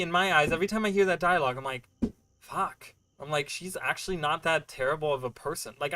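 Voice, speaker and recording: A man talks through a game on a livestream in loose, rambling chat, full of fillers and checking in with "right?". His voice sits a little on the high side for a man. He breaks off now and then to answer questions from chat. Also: sharp tone, dry recording. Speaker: game streamer.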